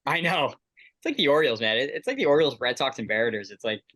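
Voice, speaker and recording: A man co-hosting a sports podcast, bantering in easygoing talk full of rambling restarts. His voice is bright and forceful, and the recording is dry with no room sound. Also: medium pitch, expressive, quick pace, no room sound. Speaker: podcast co-host. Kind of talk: casual sports chat.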